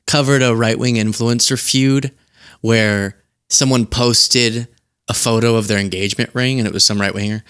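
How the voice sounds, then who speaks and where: A man hosting casual political commentary, sarcastic and quick to laugh. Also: medium pitch, a bit bright, clean tone, no room sound, studio quality. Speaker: host.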